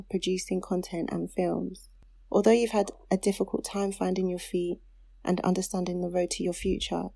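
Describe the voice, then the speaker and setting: A woman's voice: on the low side, gravelly, mellow, no room sound. Woman reading a heartfelt letter. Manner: heartfelt, turns tearful and laughing while reading. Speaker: podcast co-host reading a letter to her younger self. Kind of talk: casual chat, reading aloud.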